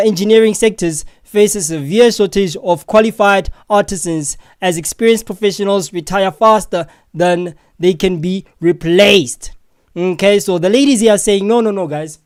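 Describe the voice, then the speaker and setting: A man hosting reaction commentary, explaining and teasing in a relaxed, repetitive way. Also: sits high, smooth.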